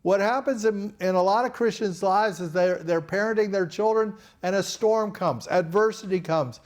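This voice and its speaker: A man's voice: sits high, moderate pace. A man preaching a sermon to a congregation in an earnest, folksy way, often repeating words as he goes.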